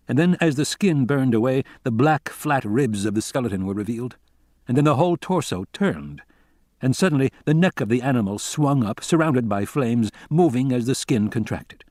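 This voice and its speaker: A man's voice: mid-range voice, expressive, normal speed, a little mellow, no room sound. Guy reading a novel audiobook, middle voice, dry close mic. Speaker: audiobook reader. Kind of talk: novel narration.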